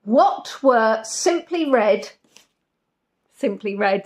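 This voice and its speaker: A woman's voice: medium pitch, animated, slow pace. A woman hosting a live-stream quiz in a casual chat, giggly and jokey with rambling asides. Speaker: quiz host.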